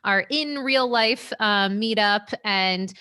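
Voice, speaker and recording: Bright, effusive woman guest. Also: medium pitch, slow, clean tone. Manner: effusive and enthusiastic, many "yes" and "oh my goodness". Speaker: guest, sleep coach. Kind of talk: casual interview. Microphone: remote call.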